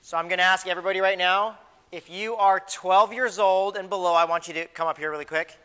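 A man's voice: high voice, fairly even intonation, a little fast, pushed and bright, smooth. A pastor giving a casual children's lesson in a church service, often restarting and repeating his words as he talks to the kids. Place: church sanctuary.

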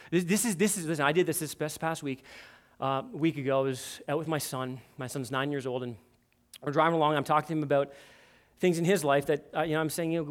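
Earnest preaching man, slightly high voice. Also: fast talker. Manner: earnest preaching with lively storytelling and repeated "listen". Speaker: pastor. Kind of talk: sermon. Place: church sanctuary.

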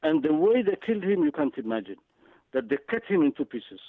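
A man speaking down a tinny, dry phone line, his pitch riding a little high and swinging widely as he presses his points. He talks with urgent emphasis, doubling back on words and filling pauses with hesitant sounds. It sounds like a guest calling in to make a case. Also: big pitch swings, no echo. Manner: emphatic, repeats words, frequent hesitant fillers. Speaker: guest analyst. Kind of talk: impassioned political commentary.

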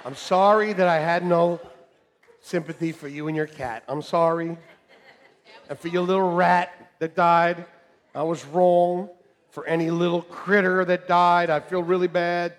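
A middle-aged man preaching a sermon to a congregation, joking and animated, swinging from shouts to quiet asides. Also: high-pitched, a little slow. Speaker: pastor. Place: church hall with congregation. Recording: long reverb of a church hall.

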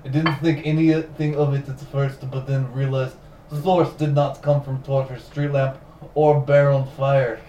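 A man putting on a deadpan mock-Russian man. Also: medium pitch, a little slow, dull audio, natural voice. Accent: put-on Russian. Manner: broken grammar, dry jokes. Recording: roomy, distant mic, faint noise.

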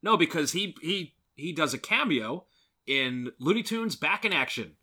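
A man's voice: fairly high pitch, animated, normal speed, sharp tone. A man co-hosting a movie podcast, chatting casually and gushing enthusiastically about films. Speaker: podcast co-host.

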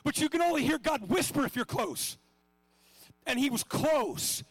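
Man, middle-aged, preacher, sermon, shouts then hushes, raspy fry, no room echo. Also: very high voice, lively intonation, normal speed. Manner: impassioned, swings from shouting to hushed asides.

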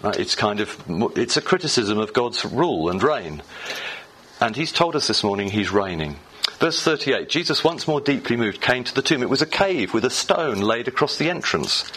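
A man's voice: lowish voice, sharp tone, a little hiss or hum, rough recording. A man preaching a sermon in church, reading scripture and talking to the congregation in a loose, conversational way with fillers and restarts.

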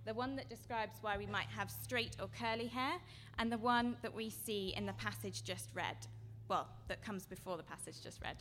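A woman giving an earnest sermon-style seminar talk, her voice going from quiet to loud. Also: medium pitch, moderate pace, a little hiss or hum. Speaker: seminar speaker.

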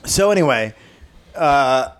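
Middle-aged man, podcast co-host, casual storytelling, animated pitch, swearing. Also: slow pace, clear, resonant tone. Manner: storytelling, acts out quotes, swears. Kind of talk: casual chat.

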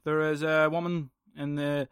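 A man's voice: fairly high pitch, level tone, measured pace, clear, resonant tone, no echo, clean studio sound. Sweary man, rambling podcast. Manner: profane, rambling, sarcastic. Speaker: podcast host. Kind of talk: casual solo podcast rant.

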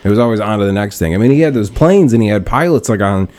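A man's voice: on the low side, expressive, quick pace, a little mellow. A young man hosting a casual podcast chat, telling stories with lots of swearing, laughter and acted-out quotes. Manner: swears a lot, laughs often, acts out quotes in storytelling. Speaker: podcast host.

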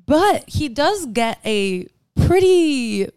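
A woman co-hosting a podcast in casual chat, snarky and quick with quips and laughs. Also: high voice, sing-song, a little mellow, dry recording, studio quality. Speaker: podcast co-host.

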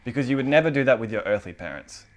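Speaking at a racing pace in a medium-pitched voice, a young man preaches an animated, conversational sermon full of fillers and a casual feel.

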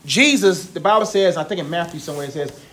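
A young man with a notably high voice teaches a Bible lesson to his class. He reads scripture aloud and then breaks it down in loose, slangy everyday talk. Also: fast talker, a bit bright.

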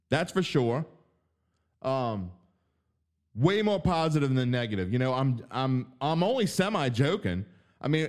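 A man from Southeast Louisiana with a New Orleans accent, hosting a sports podcast in a wry, joking way that often corrects itself. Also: on the high side. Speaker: podcast host, sports betting writer.

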